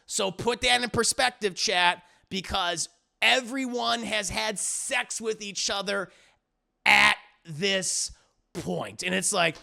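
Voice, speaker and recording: Gravelly, bright man rambling through a recap. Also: high-pitched. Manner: rambling and profane, with many fillers and restarts. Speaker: music reviewer and streamer. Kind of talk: casual live-stream recap.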